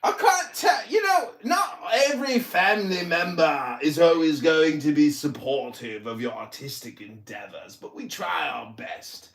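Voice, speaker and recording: A man's voice: on the high side, lively intonation, a little slow, hardly any pauses, a bit bright, echoey room, voice pushed down. A man putting on a mock English accent, playing a pompous, indignant ranter who swears theatrically in a comic roast. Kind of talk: comic roast in an audio chat room.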